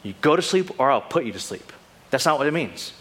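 A male pastor preaching a sermon, animated and acting out the quoted lines. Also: mid-range voice, a little fast.

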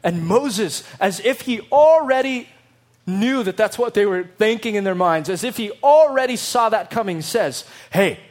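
Male pastor, high voice, animated sermon delivery with loud peaks and quiet lows. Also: normal speed. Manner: animated preaching, swings from loud emphatic to low and quiet.

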